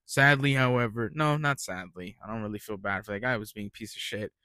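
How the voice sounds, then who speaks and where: A man's voice: fairly low pitch, fast, bright, forceful tone, smooth, dry recording. A young man telling retail work stories in a rambling, ranting casual monologue, swearing freely.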